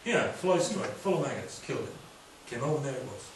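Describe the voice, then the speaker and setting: A man from Wales preaching a sermon in a lively, conversational way with quick humorous asides. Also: medium pitch. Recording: echoey hall, distant from mic, faint room noise.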